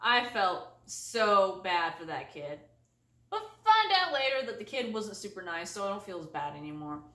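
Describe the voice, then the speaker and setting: A woman vlogger telling a comic story to camera, exaggerated and animated, laughing often. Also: medium pitch, normal speed, echoey room, distant mic. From United States.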